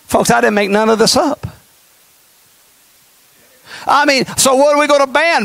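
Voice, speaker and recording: A man's voice: very high voice, moderate pace, creaky, pauses often, a bit bright, no room sound. A male pastor preaching a sermon, impassioned and folksy, with mocking asides.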